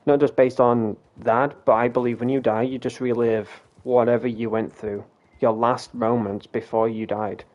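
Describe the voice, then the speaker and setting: A man's voice: mid-range voice, moderate pace, muffled recording. British man telling a rambling story. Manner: rambling and animated, swears, frequent restarts. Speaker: game streamer. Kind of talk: casual storytelling.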